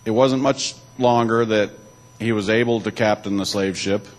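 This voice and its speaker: This church speaker has a fairly low, steady voice and talks at a normal speed, though the recording quality is low. He shifts from reading aloud to loose remarks, with the odd restart.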